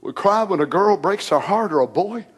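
A man preaching and praying in a sermon, moving from hushed whispers to loud shouts. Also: high-pitched, lively intonation, moderate pace, husky. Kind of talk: sermon prayer.

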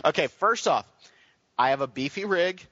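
A man co-hosting a casual gaming podcast, joking and ranting in an animated, exasperated way. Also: fairly high pitch, normal speed, no echo. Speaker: podcast co-host. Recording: dull lo-fi sound, dry.

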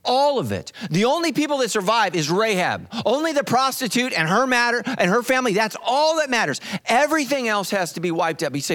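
Male pastor, sermon delivery, dramatic and animated, lively high voice. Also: quick pace.

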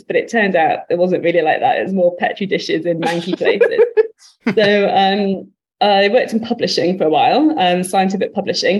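A woman's voice: lowish voice, dull audio. Self-deprecating British guest woman. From Britain. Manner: self-deprecating and laughs easily. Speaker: guest speaker. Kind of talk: casual podcast interview.

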